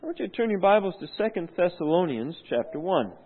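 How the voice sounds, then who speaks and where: A man preaching a sermon in a conversational way, full of rhetorical questions and frequent throat-clearing. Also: sits high, big pitch swings, quick pace, a little hiss or hum. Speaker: pastor. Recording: tinny phone-like sound.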